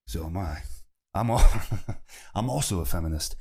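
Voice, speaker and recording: A man's voice: lively intonation, moderate pace, breathy edge, heavily acted. A man doing a smarmy, fawning pushover guy. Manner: low, soft, ingratiating. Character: smarmy young man pandering to women.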